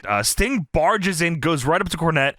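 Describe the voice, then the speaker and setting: A man's voice: on the high side, dry recording, clean studio sound. A man co-hosting a podcast, animatedly retelling wrestling clips in casual chat, laughing often and swearing. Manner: animated storyteller, laughs often, swears, does quick impressions. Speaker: podcast co-host.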